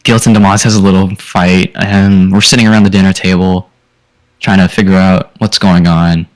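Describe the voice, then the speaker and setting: A man's voice: deep voice, little pitch movement, normal speed, rough recording. A man recapping the last session of a tabletop game as a player, speaking casually with fillers.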